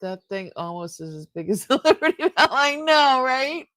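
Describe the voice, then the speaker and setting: An older woman hosting a live jewelry sale stream, chatting casually and warmly with her viewers. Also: high voice, big pitch swings, normal speed, no room sound. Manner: chatty and warm-hearted, easily moved.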